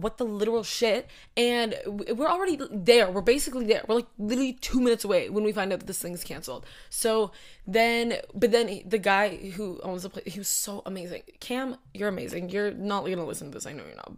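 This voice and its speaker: Rambling young woman telling a story. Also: medium pitch. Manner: rambling, animated, lots of "like" and asides. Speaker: host. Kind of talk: casual storytelling chat.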